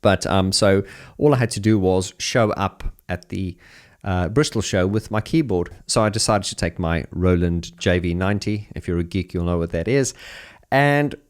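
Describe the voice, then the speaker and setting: An Englishman with a very low voice tells a story from his touring life. He talks in a chatty, animated way, with quick restarts and bursts of laughter. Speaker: keyboard player. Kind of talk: telling an anecdote.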